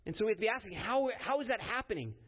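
A man's voice: high-pitched, lively intonation, rapid-fire, slightly rough. A man preaching a sermon in an earnest, emphatic way, often checking in with his listeners by asking "right?". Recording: tinny phone-like sound.

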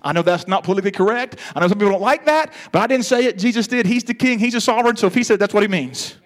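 Fired-up preacher guy, high voice, gets loud then drops way down to tell a story. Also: very fast, few pauses. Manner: excitable, swings between loud preaching and hushed storytelling. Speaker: pastor. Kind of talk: sermon.

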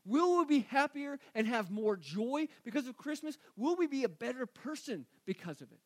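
A man's voice: very high-pitched, big pitch swings, moderate pace. A man preaching a sermon as a pastor, earnest, often repeating phrases and asking rhetorical questions.

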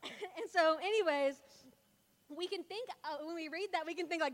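Speaking at a moderate pace in a very high voice, a young woman from Louisiana shares an easygoing Bible talk, rambling chattily with plenty of fillers. Each phrase fades into long reverb, as if in a big hall.

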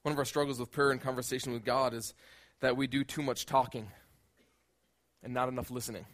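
A man's voice: medium pitch, steady tone, brisk, fairly bright tone. A male pastor preaching a conversational sermon, often repeating words as he builds a point.

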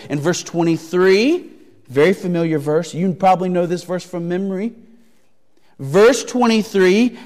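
A man preaching a sermon as pastor, deliberate and emphatic, repeating key phrases and asking searching rhetorical questions. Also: sits high, darkish tone, long reverb tail.

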